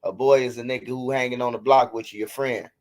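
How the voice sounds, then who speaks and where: A street news commentator from Chicago livestreams in a casual style, ridiculing his detractors with plenty of repetition. He talks quickly in a mid-range voice with fairly even intonation.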